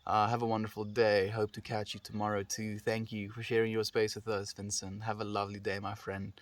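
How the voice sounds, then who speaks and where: Soft-spoken South African man streaming. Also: on the low side, monotone, fairly quick, dry recording. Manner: gentle, affectionate, reads out and answers chat messages. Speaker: livestreamer. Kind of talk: casual live-stream chat with viewers.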